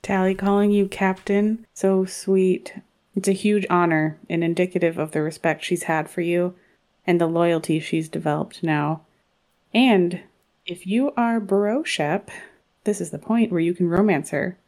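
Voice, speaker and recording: Podcast co-host, woman, jokey casual chat, slightly low pitch. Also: steady tone, unhurried, darkish tone. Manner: playful, joking, laughs often.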